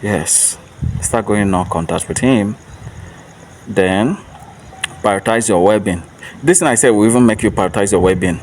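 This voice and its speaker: A man's voice: on the low side, normal speed, pauses often, darkish tone. A man giving an earnest motivational monologue as a self-help speaker, repeating rhetorical questions. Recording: distant mic with faint traffic noise.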